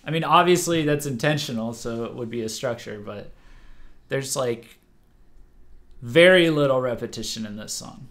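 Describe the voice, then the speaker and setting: A man's voice: mid-range voice, fairly bright tone. A young man hosting a music listening livestream, sleep-deprived and chatting casually, stumbling through fillers and restarts. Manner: halting, full of fillers and restarts. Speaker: livestream host.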